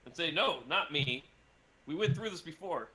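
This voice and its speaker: Man, tabletop player, joking, bright forceful voice. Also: a little high, expressive, normal speed. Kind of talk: playing a tabletop game.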